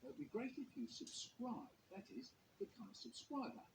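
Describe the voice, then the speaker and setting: A man telling a comic story, playful and animated, with sound effects. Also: very high-pitched, normal speed, a little hiss or hum. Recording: echoey room.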